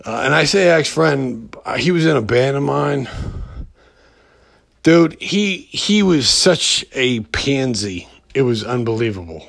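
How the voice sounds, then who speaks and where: Slow, gravelly man ranting. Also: mid-range voice, animated, fairly bright tone. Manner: rambling, profane, many halting restarts. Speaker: podcast host. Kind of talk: casual ranting monologue.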